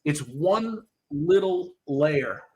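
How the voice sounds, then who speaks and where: Blunt, husky man coaching. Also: fairly high pitch, expressive, extremely slow, a little mellow. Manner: blunt, swears freely. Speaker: dog trainer. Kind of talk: casual coaching chat.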